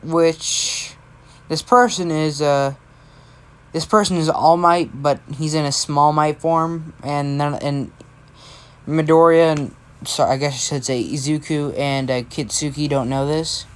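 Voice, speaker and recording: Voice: medium pitch, steady tone, a little slow, clear, resonant tone. A tired amateur storyteller improvising a fan story, rambling and correcting themselves as they go. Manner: rambling, self-correcting, unscripted.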